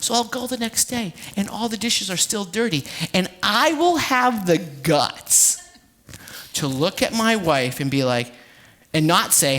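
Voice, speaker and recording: A man in his thirties preaching a sermon, telling self-deprecating stories in an animated way. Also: sits high, a little slow. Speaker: pastor. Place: church service, livestreamed.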